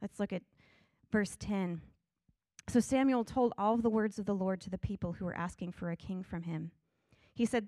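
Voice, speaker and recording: A woman's voice: medium pitch, moderate pace, dark tone, no echo, studio quality. A middle-aged woman teaching a Bible study in an earnest, conversational way, reading scripture passages aloud.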